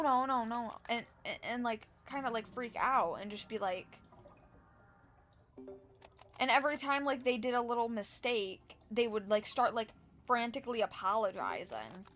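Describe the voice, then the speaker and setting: A woman's voice: a little high, fairly bright tone, slight background noise. A young woman streaming a game and telling a rambling, exasperated story about work, full of restarts and fillers. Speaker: live streamer. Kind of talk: casual storytelling while gaming.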